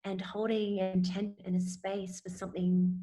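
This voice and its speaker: A woman guest in a spiritual conversation, speaking in halting, searching phrases and often repeating words as she finds them. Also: medium pitch, level tone, warm tone.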